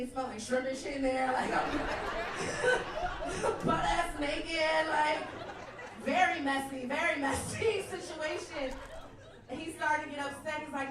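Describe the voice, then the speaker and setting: A woman's voice: high-pitched, unhurried. A young woman doing a crude, brash stand-up comedy set on a club stage, often laughing through her lines. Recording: echoey club from far off, crowd. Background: audience laughter.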